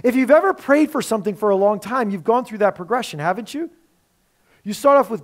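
A male pastor delivers a Sunday sermon with a notably high voice. He preaches conversationally, often asking his listeners rhetorical questions. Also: expressive, fairly quick.

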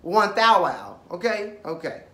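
A man's voice: high voice, big pitch swings, measured pace, sharp tone, echoey room. Sassy, profane man with an East Texas accent. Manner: sassy, profane, dramatic, talks straight to people on the show. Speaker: commentary host reviewing a reality show. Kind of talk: casual commentary.

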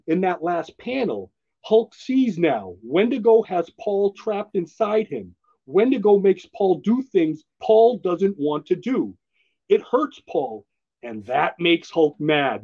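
Brief: man, fairly high husky voice, enthusiastic rambling podcast co-host. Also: darkish tone, lo-fi sound. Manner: enthusiastic, rambling, laughs often. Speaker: podcast co-host presenting a comic. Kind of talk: casual comic book chat.

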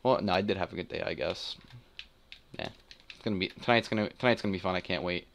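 A man's voice: deep voice, fast, vocal fry, fairly bright tone, a little hiss or hum. A young man giving live gameplay commentary, muttering and swearing as he grumbles about the match and himself. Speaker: gaming channel host.

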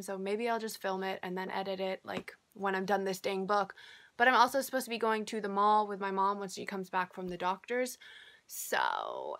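A woman's voice: medium pitch, pushed and bright. A young woman chatting casually to camera in a book vlog, rambling with lots of filler words. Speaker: book vlogger.

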